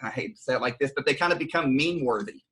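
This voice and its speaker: A man's voice: mid-range voice, fast talker, a bit bright, poor audio. A man on a discussion panel who speaks hesitantly, with many restarts. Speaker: panel guest.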